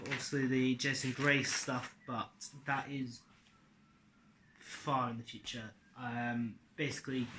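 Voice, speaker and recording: A man's voice: medium pitch, pushed and bright, slight background noise. A man casually explaining his own story adaptation to viewers, in a loose, offhand way with fillers and the odd swear. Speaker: video creator summarizing his series adaptation. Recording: echoey room.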